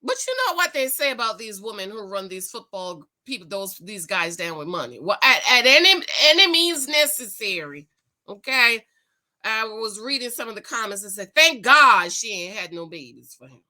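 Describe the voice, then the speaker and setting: Lively, bright-voiced woman telling a story. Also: moderate pace. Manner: chatty storyteller, acts out exchanges with rising pitch. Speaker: commentary vlogger. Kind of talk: casual commentary, reading news aloud.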